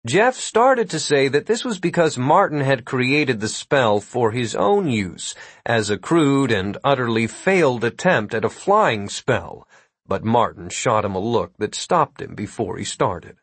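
Male storyteller reading comic fantasy; husky, dry, steady and wry. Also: medium pitch, unhurried, no room sound. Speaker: narrator. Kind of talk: audiobook narration.

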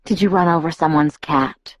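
Gentle, restrained young man voiced by a female audiobook reader; soft and measured, slightly low, dry studio sound. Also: no echo. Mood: calm. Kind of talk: audiobook dialogue reading.

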